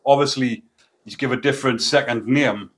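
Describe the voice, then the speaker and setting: A man's voice: mid-range voice, normal speed, a little hiss or hum. A man hosting his own channel, talking casually and rambling with informal slang, a little out of breath. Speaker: channel host. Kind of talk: casual talk to camera.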